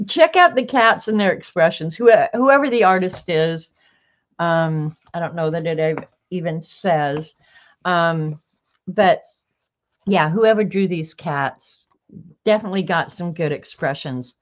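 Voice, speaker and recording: A woman's voice: lowish voice, a little slow, dull audio. A woman hosting a live stream in casual chat, talking freely and laughing often. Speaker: livestream host.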